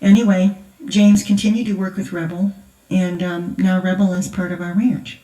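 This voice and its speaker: A warm, lowish voice with a flat delivery and normal speed belongs to an older grandmother telling stories at a conference. Her testimony is chatty and full of laughter, heard from far off in an echoing, large church hall.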